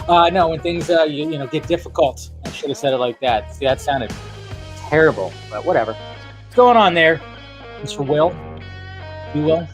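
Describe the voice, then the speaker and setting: A man's voice: on the high side, lively intonation, normal speed, pauses often, faint music behind. A man hosting a casual live stream, greeting viewers by name and rambling in a jokey way.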